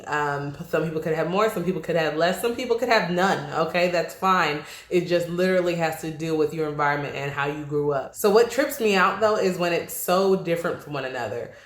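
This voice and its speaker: A woman's voice: low voice, reverberant. A Nigerian-born woman raised on the US East Coast, hosting her podcast in a chatty, laughing way and checking in with listeners. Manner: chatty, laughs often, asks listeners "okay?". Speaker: podcast host. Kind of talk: casual solo podcast talk.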